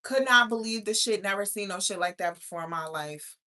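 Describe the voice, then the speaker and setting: A woman's voice: medium pitch, brisk, pushed and bright. A woman hosting a live stream in casual chat, talking bluntly and profanely to her viewers. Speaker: livestream host.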